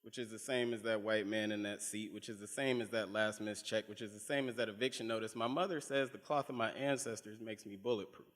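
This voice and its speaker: A man reading spoken word poetry at a live event, with a pointed, measured delivery of long lines. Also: lowish voice, steady tone, a bit bright. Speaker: poet. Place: live reading in a museum venue. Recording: long reverb of a large hall.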